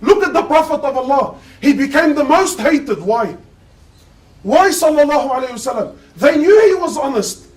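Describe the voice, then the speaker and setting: A man's voice: extremely high pitch, expressive, moderate pace, far from the mic, low-quality recording. A man giving an impassioned sermon, firing rhetorical questions at his listeners. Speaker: preacher giving a Friday sermon.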